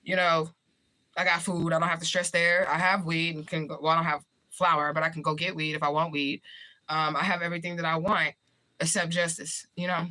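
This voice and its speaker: A woman's voice: low-pitched, flat delivery, a little fast, pushed and bright. A woman chatting casually on her livestream, reading viewer comments aloud and answering them in a blunt, profane way. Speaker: livestream host.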